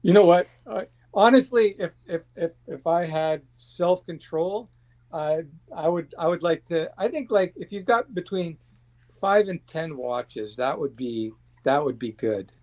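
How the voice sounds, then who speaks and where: A man's voice: on the high side, expressive, a little slow, darkish tone. A man chatting as a guest on a livestream, blunt and rambling, swearing freely. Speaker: guest watch collector. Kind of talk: casual livestream chat.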